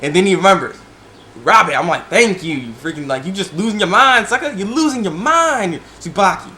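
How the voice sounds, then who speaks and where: A young man casually reviewing an anime episode, excitable and chatty, with lots of fillers and sudden laughs. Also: high-pitched, fairly quick.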